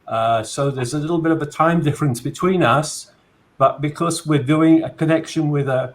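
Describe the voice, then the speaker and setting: A man hosting a video call interview in a friendly, relaxed way, with frequent fillers. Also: a little high, normal speed, slight background noise. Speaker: host.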